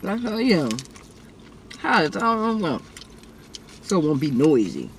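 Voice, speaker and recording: A woman's voice: lowish voice, big pitch swings, a little slow, a little hiss or hum. A woman, chatting playfully with viewers about her meal on her eating show. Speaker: mukbang vlogger. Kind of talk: casual eating show chat.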